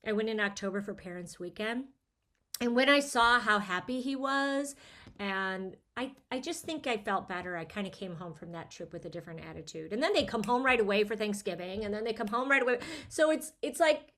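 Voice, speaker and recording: A woman's voice: mid-range voice, animated, fairly quick, pushed and bright. A middle-aged woman telling candid, emotional stories, guesting on a podcast over a video call. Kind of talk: casual chat.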